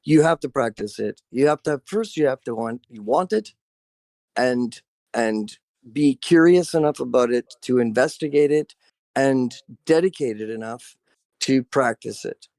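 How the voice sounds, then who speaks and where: A man of middle pitch speaks earnestly and emphatically, circling back to repeat his point. His voice is close and dry, with no room around it. He sounds like a voice actor chatting on a video call. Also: expressive, measured pace, a little mellow, dry recording. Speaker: voice actor guest. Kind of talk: casual video call chat.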